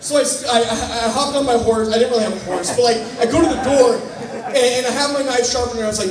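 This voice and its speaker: A man speaking at a conference, telling a funny personal story to a live audience in an animated, self-mocking way, acting out the scenes. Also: extremely high pitch, brisk, a crowd in the background. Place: large conference hall. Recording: echoey hall, voice picked up from a distance.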